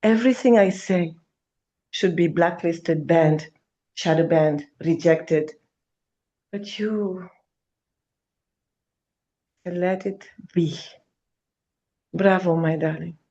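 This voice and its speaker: A woman's voice: fairly low pitch, takes it slowly, pauses often, warm tone, highs cut off. A woman speaking as a gives an impassioned spiritual talk, emphatic, calling her listener darling and now and then swearing.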